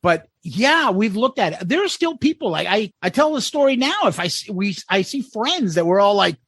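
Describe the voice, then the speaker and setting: A man with a husky, high voice tells rowdy stories on a casual podcast. He is animated and profane and laughs often. His pitch jumps all over, and the sound is dry and close. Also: moderate pace, no echo. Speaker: podcast co-host.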